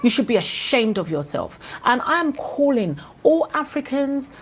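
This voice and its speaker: A woman's voice: high voice, big pitch swings, unhurried. A woman from Ghana with a Ghanaian accent, giving an impassioned commentary vlog in a passionate, indignant way. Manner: passionate and indignant, with fillers and restarts. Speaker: vlogger.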